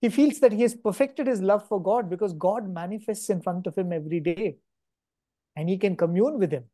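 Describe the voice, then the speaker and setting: A man giving a devotional talk at a spiritual gathering, telling a story at an unhurried pace with frequent pauses and self-corrections. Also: high-pitched, warm tone, no room sound. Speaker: guest speaker at a spiritual gathering.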